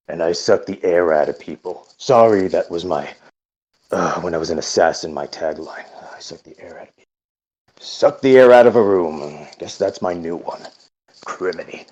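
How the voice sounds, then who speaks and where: A man voicing a reformed ghoulish male ex-assassin who forces himself to speak gently and politely. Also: low voice, muffled recording. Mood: apologetic. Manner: soft, deliberate, trying to sound nice.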